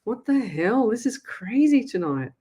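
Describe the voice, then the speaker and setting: A woman from Australia hosts a live psychic show, excitedly reading viewer comments aloud with frequent laughs and loving asides. Her voice is husky and on the high side, and she takes her time.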